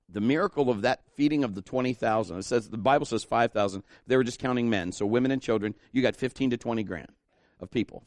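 A pastor delivers a fervent sermon, his man's voice carrying a gravelly edge. He exhorts the congregation and swells to emphatic peaks before leading them in prayer. The sound is close and dry, with no room echo. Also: mid-range voice, darkish tone. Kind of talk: sermon with altar call prayer.

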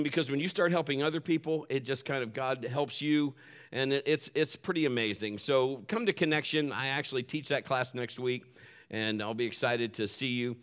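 Bright-voiced casual preacher. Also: male voice, on the high side. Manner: casual, rambling, many fillers. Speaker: pastor. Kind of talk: sermon. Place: church.

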